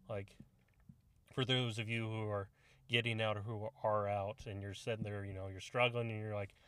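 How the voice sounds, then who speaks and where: A man's voice: mid-range voice, fairly bright tone, smooth. A young man co-hosting a casual podcast, telling army stories with plenty of swearing. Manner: profane, storytelling, acts out quoted voices. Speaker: podcast co-host, army veteran. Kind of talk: casual chat.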